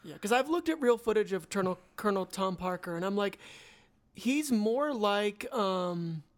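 A woman's voice: medium pitch, lively intonation, normal speed. Frank, opinionated woman co-host. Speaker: podcast co-host. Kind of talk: casual chat.

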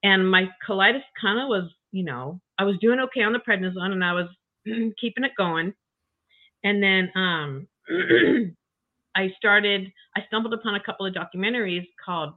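Older woman on a tinny call line. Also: fairly low pitch. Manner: chatty, emotional, frequent you-knows and restarts. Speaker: interview guest. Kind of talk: casual personal story. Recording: tinny phone-like call audio.

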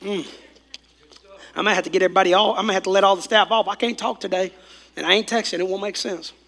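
A man preaching a sermon, his voice worn from preaching, swinging between loud calls and hushed passages. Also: high voice, fairly even intonation, fast talker, creaky. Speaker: pastor.

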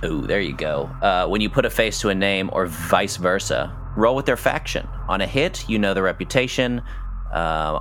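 A man narrating a tabletop game as game master in a relaxed, chatty way. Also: low voice, slight background noise.

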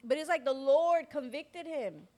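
A woman co-hosting a Christian podcast, telling a personal testimony in a lively way and acting out the voices of the people in her story. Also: high-pitched, a little slow. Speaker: podcast co-host. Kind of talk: personal faith testimony in casual chat.

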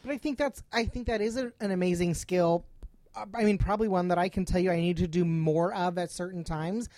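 A woman's voice: on the low side, a little fast, mellow, no room sound. A woman speaking on a podcast in an earnest, emphatic way, often repeating herself. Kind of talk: casual podcast chat.

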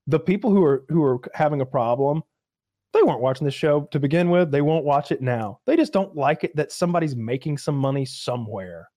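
A man's voice: fairly high pitch, animated, brisk, dark tone, no echo, studio quality. A man co-hosting a casual podcast chat, making his points emphatically and repeating them. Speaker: podcast co-host.

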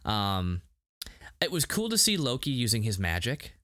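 A man co-hosting a casual podcast review, animated and laughing, with many restarts. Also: mid-range voice, moderate pace, dry recording. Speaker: podcast co-host.

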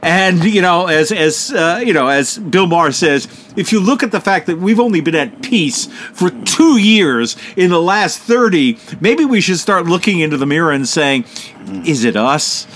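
A man co-hosts a loose talk show with a fairly high voice that swoops up and down. He rambles, swears freely and laughs often. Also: lively intonation, moderate pace, a bit bright, a little hiss or hum. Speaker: co-host. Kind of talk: casual radio chat.

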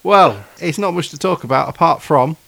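Gravelly man, chatty co-host. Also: on the high side, expressive, moderate pace, fairly bright tone. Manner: chatty, laughs often, hesitant fillers. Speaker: podcast co-host. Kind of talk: casual football chat.

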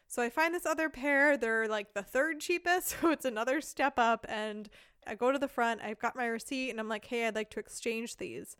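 A woman in her thirties, originally from the United States, tells a casual anecdote as a podcast guest. She laughs often as she goes, in a fairly high, smooth and clear voice. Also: moderate pace, no room sound, studio quality. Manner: lively storyteller, laughs often.

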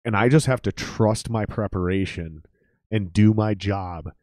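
A man with a low-pitched voice chats on a podcast about life as a drummer. He tells stories loosely and profanely and acts out the voices of the people in them. The sound is dry and close-miked. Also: measured pace, no room sound. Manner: profane, animated storytelling with quoted voices. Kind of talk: casual podcast chat.

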